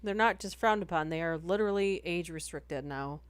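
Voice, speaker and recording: A chatty woman rambles through a casual live stream, breaking off her own sentences as she goes. Her voice sits a little low, and it is recorded close with a dry sound. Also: fairly quick, clean tone, no room sound. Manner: rambling, chatty, self-interrupting. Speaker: horror story reader and streamer. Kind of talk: casual live-stream chat between story readings.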